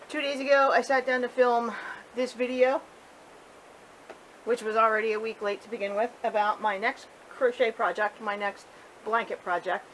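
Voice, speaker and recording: A woman's voice: fairly high pitch, fairly bright tone, low-quality recording. Chatty woman crafter with faint hiss. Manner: chatty, candid, talks to viewers directly. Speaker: crochet vlogger. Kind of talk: casual chat.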